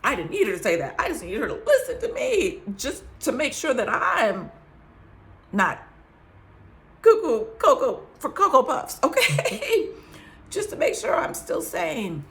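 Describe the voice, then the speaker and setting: A woman's voice: on the high side, huge pitch swings, normal speed, creaky, fairly bright tone, a little hiss or hum. A woman giving an earnest faith-based talk, emphatic, dropping into whispers and laughing between phrases. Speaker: survivor sharing testimony.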